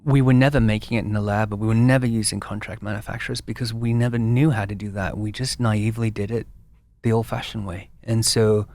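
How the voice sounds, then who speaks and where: Low-voiced man telling lively stories. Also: fairly quick, hardly any pauses. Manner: animated storyteller, frequent restarts. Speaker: guest, brand founder. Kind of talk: casual interview.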